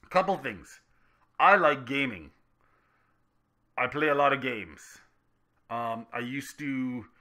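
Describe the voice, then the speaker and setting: A man hosting a casual gaming vlog Q&A, rambling and joking with self-deprecating asides, his delivery swinging between loud and soft. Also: mid-range voice. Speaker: gaming YouTuber answering viewer questions.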